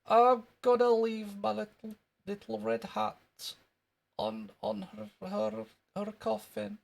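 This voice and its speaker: A man voicing a cranky, wrinkly little Scottish man who claims to be a boy, in a high put-on voice with a Scottish accent, telling tall tales. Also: slow, gravelly, heavily acted. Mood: wistful. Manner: boastful, rambling tall tales. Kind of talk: improvised street comedy bit.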